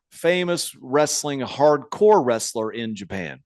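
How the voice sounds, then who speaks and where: This podcast co-host, a man in his forties, has an expressive voice on the high side and speaks at normal speed in a dry, clean studio recording. He works through listener emails, frequently laughing and stumbling over restarts.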